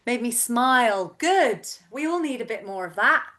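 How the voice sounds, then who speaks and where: A woman in her thirties, a vocal coach gently and encouragingly guiding a voice and breath workshop over a video call. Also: a little high, lively intonation, normal speed. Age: 30s.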